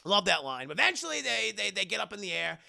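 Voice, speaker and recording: A man's voice: sits high, very animated, fast talker, creaky, sharp tone, no echo, clean studio sound. A man reviewing a film live for his chat, retelling scenes in a casual, profane way.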